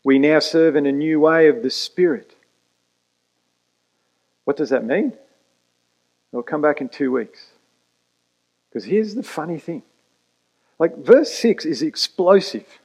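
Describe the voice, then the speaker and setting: A man preaching a sermon as pastor, emphatic and pausing for effect. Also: on the high side, darkish tone, low-quality recording. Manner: emphatic preaching with dramatic pauses and quick asides.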